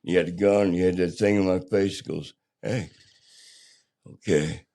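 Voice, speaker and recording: Older man, very low voice, gravelly fry, plainspoken halting storyteller, podcast guest. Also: flat delivery, mellow. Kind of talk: candid personal storytelling.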